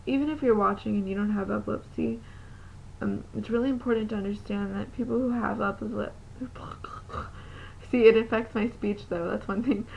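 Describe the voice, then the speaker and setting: A woman's voice: mid-range voice, fairly even intonation, moderate pace, gravelly, darkish tone. A young woman vlogging about living with epilepsy, earnest and encouraging, with frequent ums and restarts. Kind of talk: heartfelt motivational vlog talk. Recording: lo-fi webcam audio with faint noise.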